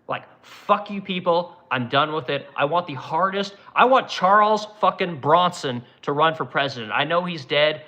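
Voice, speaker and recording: A man's voice: high-pitched, pushed and bright. A man streaming a profane, aggressive political rant, mocking the people he argues against.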